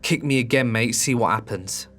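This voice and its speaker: A man's voice: medium pitch, a little fast, faint music behind, lightly acted. A man voicing a young woman who talks back defiantly in a horror story reading. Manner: defiant, confrontational.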